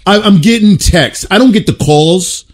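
A man's voice: high-pitched, animated, moderate pace. A man co-hosting a casual chat, talking in a conversational way with restarts.

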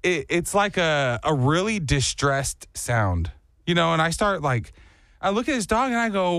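An animated young man on a morning radio show, his voice bouncing up and down as he spins a story. His pitch sits a little high for a man, and he acts out the sounds and the people he met. The studio mic is close and dry, with faint music underneath. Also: measured pace, dry recording.

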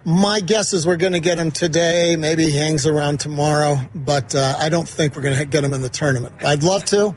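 A man's voice: on the high side, brisk, few pauses, slight background noise. A man who runs an investment firm, chatting as a guest in a casual interview and telling stories with lots of fillers. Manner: chatty, storytelling with many fillers. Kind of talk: casual interview at a golf tournament. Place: outdoor broadcast studio at a golf event.

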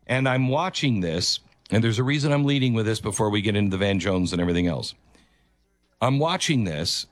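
A man's voice: medium pitch, no echo. A man hosting a commentary show, talking earnestly and emphatically and repeating his key phrases. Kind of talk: opinion commentary on a video clip.

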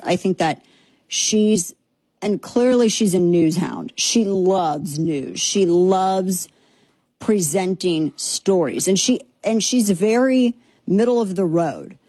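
A woman hosts an opinionated talk segment with a sarcastic, mocking edge. Her voice sits a little low and sounds husky. The sound is dry and close. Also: dry recording. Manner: sarcastic, animated, mocking impressions. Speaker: commentary show host. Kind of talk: opinionated casual commentary.

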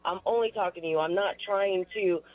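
A woman calling in to a radio show, talking quickly and earnestly about dating. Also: lowish voice, dry recording. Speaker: radio caller. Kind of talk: casual call-in chat. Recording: tinny phone line.

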